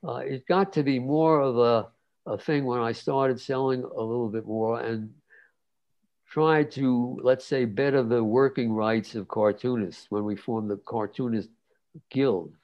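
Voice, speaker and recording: A man in his nineties, a guest cartoonist, telling stories in a relaxed interview, rambling with many fillers and restarts. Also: mid-range voice, measured pace. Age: 90s. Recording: dull lo-fi sound.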